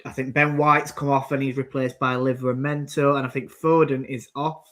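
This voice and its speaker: A man's voice: medium pitch, little pitch movement, normal speed, fairly bright tone. A man with an everyday mid-range voice co-hosts a football watchalong. He rambles through his opinions, reels off substitutions and describes the play as it happens. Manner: rambling, calls out substitutions and plays. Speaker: co-host commentating on the match. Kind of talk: casual football watchalong chat.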